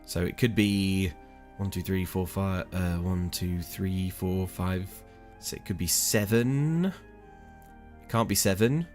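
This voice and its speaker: Young male streamer, low voice, unhurried, mutters through puzzles, easily exasperated. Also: darkish tone, faint music behind. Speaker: let's play streamer. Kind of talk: casual gameplay commentary.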